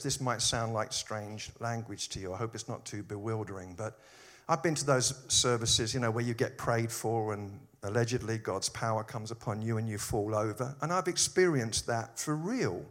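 A pastor preaching a sermon, telling stories with dry humorous asides. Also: male voice, medium pitch, moderate pace, hardly any pauses. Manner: animated storytelling with humorous asides.

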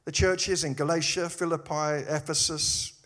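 A pastor preaching a sermon, telling stories with dry humorous asides. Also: male voice, on the high side, moderate pace. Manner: animated storytelling with humorous asides.

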